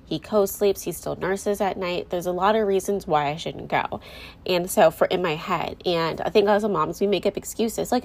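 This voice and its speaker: A woman's voice: on the low side, moderate pace, gravelly. A young woman, a mom, talking candidly and rambling a little to her viewers, often correcting herself mid-sentence. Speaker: mom vlogger. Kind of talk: casual talk to camera.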